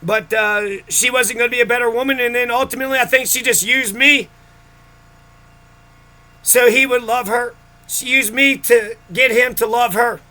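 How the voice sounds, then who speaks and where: A man's voice: extremely high pitch, fairly even intonation, normal speed, bright, forceful tone. A man in a bitter, profane personal rant about his childhood, speaking straight to the camera. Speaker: vlogger.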